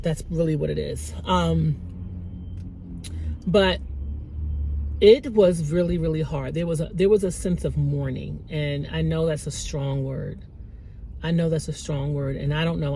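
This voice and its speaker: Middle-aged woman with vocal fry. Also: low voice, darkish tone, a little hiss or hum. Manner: candid, rambling, emotional, repeats herself. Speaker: Christian motivational vlogger. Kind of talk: heartfelt personal vlog.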